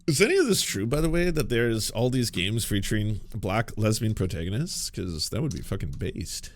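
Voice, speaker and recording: A man's voice: on the low side, lively intonation, normal speed, few pauses, a little hiss or hum. A man hosting reaction commentary, mocking and sarcastic, laughing often. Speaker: commentary host.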